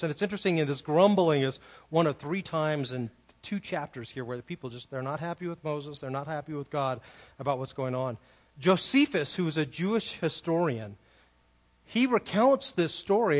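A man preaching a sermon in a conversational, animated way, often asking his listeners questions. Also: a little high. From California. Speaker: pastor.

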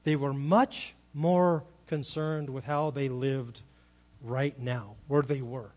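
A man's voice: mid-range voice, steady tone, takes it slowly, darkish tone. A man preaching a sermon in a conversational way, asking rhetorical questions and acting out quoted lines. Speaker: pastor.

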